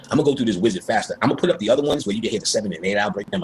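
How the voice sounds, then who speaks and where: A low-voiced man talks fast and freely, his pitch leaping around as he acts out the people in his stories. The talk is loose and casual, and there is a faint hiss of background noise. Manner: animated, acts out voices in quotes. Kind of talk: casual storytelling and spiritual talk.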